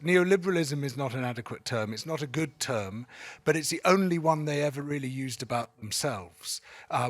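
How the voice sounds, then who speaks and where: A male author explaining the ideas in his book at a panel debate, measured, articulate and emphatic. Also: a little high, fairly bright tone. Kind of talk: unscripted panel discussion.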